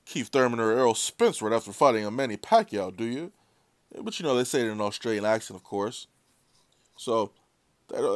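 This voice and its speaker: A man's voice: fairly high pitch, no echo, clean studio sound. Heated, profane man ranting about boxing. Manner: blunt, profane, heated and sarcastic. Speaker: boxing commentator. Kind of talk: opinionated rant.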